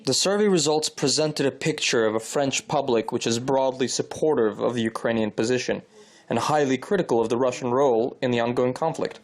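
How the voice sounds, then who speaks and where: Male news voice-over, mid-pitched, even formal read. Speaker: news reporter. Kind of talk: scripted news narration.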